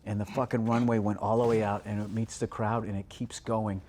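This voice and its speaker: Animated, swearing man telling stories. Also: lowish voice, fairly quick, slight background noise. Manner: animated storyteller, heavy swearing, acts out quotes. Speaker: stand-up comedian. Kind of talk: casual chat.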